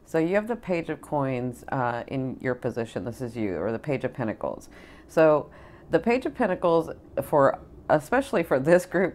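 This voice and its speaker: A woman with an unusually deep voice chats casually as a tarot reader. She is effusive and gushing, repeats herself and fills her talk with ums. She sounds middle-aged. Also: darkish tone. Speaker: spiritual advisor and tarot reader. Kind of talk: casual tarot chat to camera.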